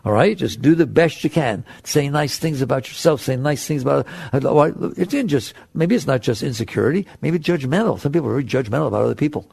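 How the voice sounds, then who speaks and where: Raspy, animated spiritual teacher. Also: male voice, medium pitch, brisk, no echo. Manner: conversational, animated, acts out inner voices. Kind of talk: spiritual talk to an audience.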